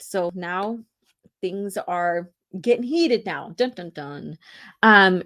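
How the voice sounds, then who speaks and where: A woman's voice: fairly low pitch, expressive, slow pace, sharp tone. A woman hosting a casual podcast and reading comics along, chatty and full of fillers. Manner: chatty, lots of fillers like "you know" and "um". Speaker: podcast host.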